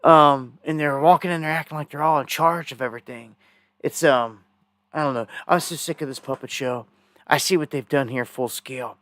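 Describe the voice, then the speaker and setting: An indignant man talking through a live news stream in a loose, rambling, conspiratorial way. His voice sits a bit higher than most men's. The sound is dry and close, with no room around it. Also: normal speed, fairly bright tone, no room sound.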